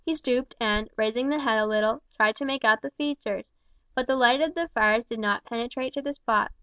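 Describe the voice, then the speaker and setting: A woman reads a novel aloud in a steady, measured manner. Her voice sits somewhat high. The recording is dry and a little dull. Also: dry recording. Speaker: audiobook reader. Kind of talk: scripted narration.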